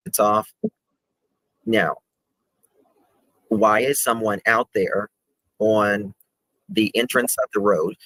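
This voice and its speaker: Man, low-ish bright voice, halting explainer, dry close sound. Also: steady tone, no echo, poor audio. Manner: halting, many restarts, walks through footage. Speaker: guest presenting a video. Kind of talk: casual explanation over video call.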